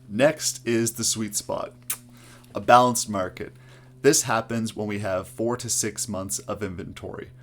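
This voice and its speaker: A man explaining housing market math step by step, talking to viewers with frequent "uh" fillers. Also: on the low side. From Canada. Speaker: real estate agent explaining market math. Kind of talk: explainer video to camera.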